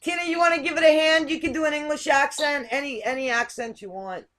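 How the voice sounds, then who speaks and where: High-voiced chatty woman hosting. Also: fairly even intonation, quick pace, a bit bright. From Canada. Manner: chatty, giggly, restarts words. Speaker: host. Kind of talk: casual group video chat.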